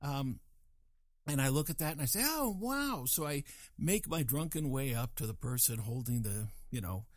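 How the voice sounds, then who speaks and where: A man's voice: mid-range voice, fairly even intonation, normal speed, darkish tone, no echo, clean studio sound. An older man from Colorado telling a rambling, self-deprecating story and acting out the voices of people in it. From Colorado, USA. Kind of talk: casual spoken anecdote.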